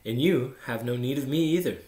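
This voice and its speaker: A man voicing a gentle, patient male fox in a storybook reading, lifting his voice for the part. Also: mid-range voice, a little fast, lightly acted. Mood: earnest. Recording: echoey room.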